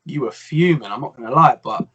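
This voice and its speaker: A young man, co-hosting a casual football chat in a measured, analytical way with some exasperation. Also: mid-range voice, fairly bright tone, slightly rough, lo-fi sound. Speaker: co-host.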